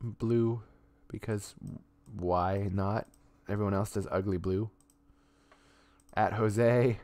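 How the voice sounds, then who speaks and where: Male streamer at a home setup, lowish voice, dry close sound, rambling and loose with the swearing. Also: fairly even intonation, slow, pauses often, a little mellow, no room sound. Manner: rambling, with many fillers and restarts; offhand swearing. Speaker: streamer and artist. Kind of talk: casual live-stream chat.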